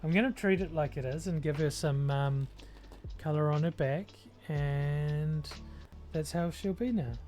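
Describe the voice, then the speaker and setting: This is a streamer with a New Zealand accent, thinking aloud while painting and scattering ums through every thought. The delivery is loose and unhurried, and faint music plays in the background. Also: mid-range voice, darkish tone. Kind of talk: casual livestream chat while working.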